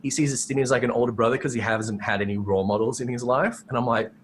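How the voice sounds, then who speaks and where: A man's voice: mid-range voice, steady tone, very fast, slight background noise. A man co-hosting a podcast, rambling through a casual discussion with many fillers and restarts. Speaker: podcast co-host.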